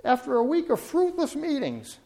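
A male preacher with a notably high voice delivers a sermon. He tells his story earnestly and builds to fervent, emphatic appeals. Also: huge pitch swings, normal speed, gravelly, warm tone.

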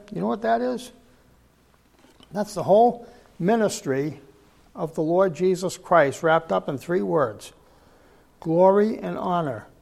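A man's voice: high-pitched, gravelly, darkish tone. An older man preaching a sermon, telling folksy stories and repeating words for emphasis.

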